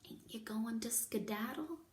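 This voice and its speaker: A woman voicing a slow-witted, slangy young servant girl, in an echoey room with the mic at a distance. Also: a little high, big pitch swings, a bit bright. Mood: simple.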